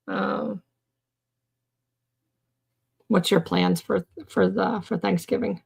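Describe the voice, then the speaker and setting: A woman's voice: medium pitch, fairly even intonation, slow pace, vocal fry, long pauses, slightly rough. A woman hosting a casual live stream about mental health. She rambles, restarts her sentences and fills them with "you know" and "um" as she chats with viewers in the comments. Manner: rambling, with many fillers and restarts.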